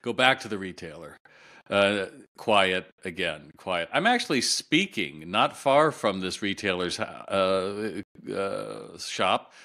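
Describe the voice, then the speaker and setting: Animated storytelling man, bright low voice. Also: slow pace, gravelly. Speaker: guest retail consultant. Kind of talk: storytelling in a podcast interview.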